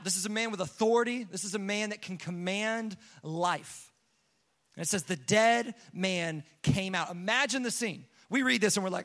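Bright-voiced young male preacher. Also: high voice, normal speed. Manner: animated storytelling, acts out quotes, casual fillers. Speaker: pastor. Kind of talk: sermon.

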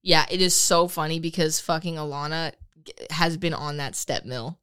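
A young woman telling a race story in casual podcast chat, animated, laughing often and swearing freely. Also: deep voice, moderate pace, smooth. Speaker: podcast co-host.

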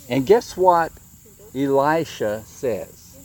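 A man's voice: medium pitch, lively intonation, unhurried. A man delivers a casual sermon in an ordinary mid-range voice. He talks plainly and informally, stopping to restart sentences and voicing the quoted dialogue as he retells the story. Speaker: preacher. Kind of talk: conversational sermon.

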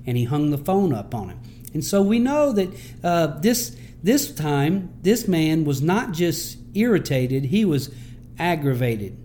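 Mellow-voiced pastor giving a sermon. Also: male voice, on the high side, animated, moderate pace, slight background noise. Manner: conversational storytelling with restarts.

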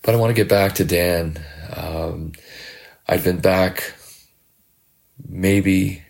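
A middle-aged man, a podcast host and life coach, reflecting in a halting, heartfelt monologue that often repeats words. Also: sits low, gravelly, darkish tone.

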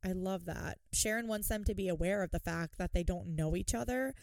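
A woman co-hosting a podcast, chatting casually and swearing freely as she recaps a TV episode with animated retellings. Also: lowish voice, brisk, creaky, dry recording. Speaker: podcast co-host. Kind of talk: casual chat recapping a TV show.

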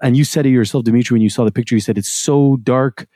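A man co-hosting a podcast in relaxed casual chat, rambling with fillers and restarts. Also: medium pitch, fast talker, no echo, studio quality. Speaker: podcast co-host.

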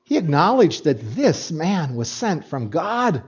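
A man's voice: fairly high pitch, very animated, slow, few pauses, breathy edge. A man preaching a sermon as pastor, reading scripture and making emphatic points with repeats and asides to the congregation. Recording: dull lo-fi recording.

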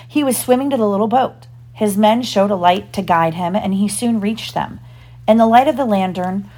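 Mom narrating a kids' storybook, mid pitch, expressive read-aloud. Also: female voice. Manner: expressive, gentle questions to child. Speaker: parent reading aloud to her child.

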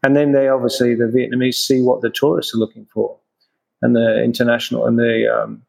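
A man's voice: medium pitch, little pitch movement, a little fast, creaky, darkish tone, breathy edge, rough recording. A man in an interview, a craft brewer answering questions with many restarts and fillers.

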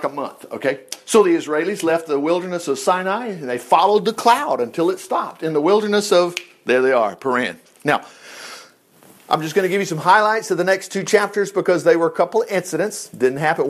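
A man with a drawl talks through scripture in a folksy, animated way. His voice sits high and swings widely as he acts out what the people in the story say. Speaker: Bible teacher. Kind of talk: folksy Bible study teaching.

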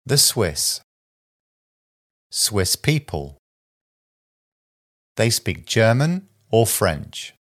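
A man reading a vocabulary list aloud as a language teacher, with slow, deliberate enunciation of single words and short sentences. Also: fairly low pitch, sing-song, fairly bright tone.

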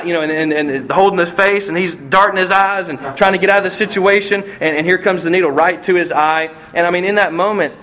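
A middle-aged man preaching a sermon as pastor, telling a family story and acting out the voices in it, with sharp swings from soft to loud. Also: high voice, normal speed, hardly any pauses, a little hiss or hum. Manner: storytelling with vivid acted-out quotes and swings in loudness.

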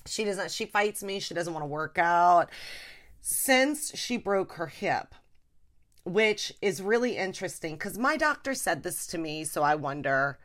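A woman hosting a podcast, ranting about family life in a casual comedic way and slipping into a high, mimicking voice. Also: unhurried. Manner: animated, mimics her mother in a high voice. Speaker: podcast host.

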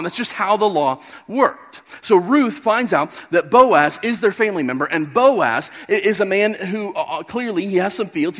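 A man's voice: high voice, a bit bright. A man in his thirties giving a sermon, retelling a story and acting out the characters' lines. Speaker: pastor. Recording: long reverb of a large hall.

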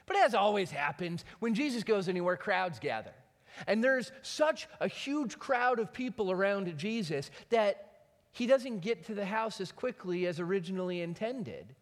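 This male pastor delivers a sermon at a normal speed, his high, lively voice swinging widely in pitch as he tells the story dramatically. The long reverb of a large hall rings around his words.

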